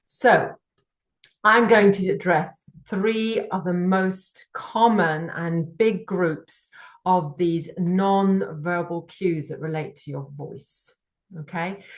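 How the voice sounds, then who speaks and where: A woman voice coach explaining her subject slowly and deliberately, with frequent pauses. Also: on the low side. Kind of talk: teaching monologue.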